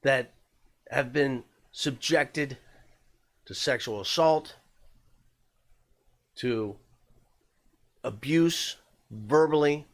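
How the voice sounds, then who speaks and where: A man's voice: mid-range voice, extremely slow, pauses often. A man hosting a podcast, telling a true-crime story in a loose, conversational way, with lots of fillers and the odd curse word.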